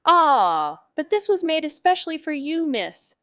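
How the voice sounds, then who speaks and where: A woman's voice: high voice, big pitch swings, a little slow, a bit bright, dry recording, clean studio sound, voice pushed up, exaggerated voice. A woman voicing a frivolous male street vendor who talks in a glib, cajoling way. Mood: glib coaxing.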